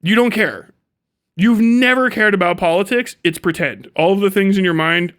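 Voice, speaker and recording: A man's voice: high voice, a little fast, a bit bright. A man livestreaming a profane, sarcastic rant, mocking and swearing at his viewers. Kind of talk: ranting livestream commentary.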